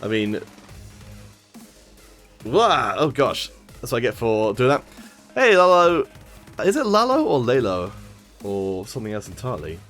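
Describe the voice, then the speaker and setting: A man's voice: medium pitch, huge pitch swings, a little slow, long pauses, a bit bright. Joking male stream caster over faint music. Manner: joking, self-mocking, greets chat by name. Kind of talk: casual stream commentary.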